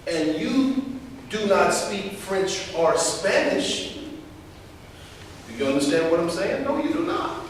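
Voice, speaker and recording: A man gives a motivational talk to students. He repeats his key phrases and leads the room in call-and-response. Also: high voice. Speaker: speaker teaching young people. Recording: echoey hall from far off, faint hiss.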